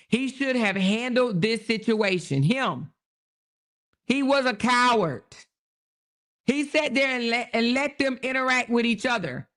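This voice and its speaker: A woman's voice: on the high side, a bit bright. A woman hosting her own show, giving casual commentary on a news story and often repeating herself as she checks in with viewers. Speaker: host.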